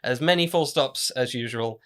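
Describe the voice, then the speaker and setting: A man's voice: mid-range voice, normal speed, fairly bright tone. A man hosting a movie podcast, casually reading out listener picks with laughs and asides. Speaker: podcast host. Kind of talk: casual chat.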